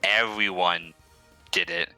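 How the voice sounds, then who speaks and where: A man's voice: sits low, steady tone, takes it slowly, bright, forceful tone, clean tone, faint music behind. A man guest streamer chatting casually, restarting sentences and repeating words as he rambles.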